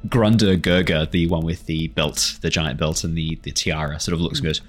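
A man narrating as game master, animated and laughing as he voices figures. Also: a bass voice, normal speed, faint music behind.

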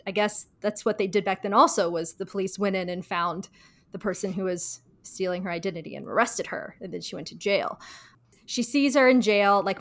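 A woman in casual podcast chat, retelling a TV episode with lots of fillers and acting out the quoted lines. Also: a bit bright. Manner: chatty, lots of "like", acts out quoted lines in higher voices. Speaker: podcast co-host giving advice.

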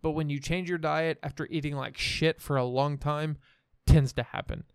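A man's voice: a little high, steady tone, normal speed, smooth, dry recording, clean studio sound. A young man from the American Midwest, hosting a podcast and telling a story in a rambling, profane, self-assured way. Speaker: podcast host. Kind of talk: casual storytelling chat.

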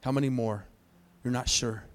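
A pastor leading an altar call during a church service, speaking earnestly with pleading, repeated phrases. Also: male voice, mid-range voice, fairly even intonation, normal speed.

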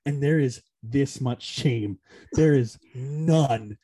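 A young man co-hosting a sports podcast, chatting casually and excitably, laughing often. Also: medium pitch, slow pace, husky. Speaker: podcast co-host. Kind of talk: casual chat.

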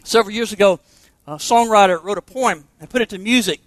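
A pastor preaching a sermon to confirmation students, emphatic and asking rhetorical questions. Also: male voice, high-pitched, fairly quick, no room sound.

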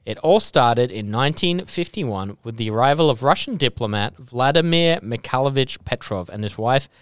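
A man's voice: mid-range voice, expressive, moderate pace, clear, resonant tone, no room sound, studio quality. A man with an Australian accent, a podcast co-host reading out a true-crime story and laughing and joking between lines.

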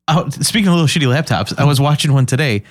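A man co-hosting a casual podcast, easygoing and quick to agree. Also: on the high side, animated. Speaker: podcast co-host. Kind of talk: casual chat.

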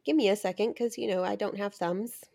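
A woman's voice: medium pitch, steady tone, brisk, vocal fry, dark tone. A woman hosting a podcast in a playful, joking manner, laughing often. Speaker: podcast host. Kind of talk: casual comedic chat.

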